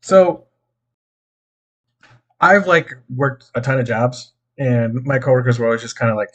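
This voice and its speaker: A laid-back man chatting casually as a co-host, speaking softly and often trailing off. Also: mid-range voice, animated, a little slow, dull audio. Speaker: podcast co-host. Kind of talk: casual chat.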